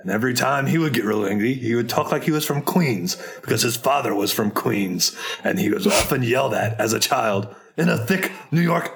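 A man's voice: mid-range voice, animated, a little fast, vocal fry, a bit bright. A man voicing a male adventurer who plays therapist to his party, probing and playful in a tabletop role-play. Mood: teasing. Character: mock-therapist male adventurer, coaxing and jokey. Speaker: player.

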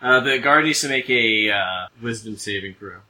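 A man's voice: mid-range voice, moderate pace, bright, forceful tone, rough recording. A man playing a tabletop game, speaking with mock politeness and formal wording in character. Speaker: player. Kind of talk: casual tabletop game play.

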